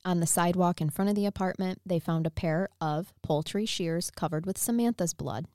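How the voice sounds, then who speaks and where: A woman co-hosting a podcast, reading through the details of a true crime case in a steady, matter-of-fact way. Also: fairly low pitch, a little fast, no echo, clean studio sound.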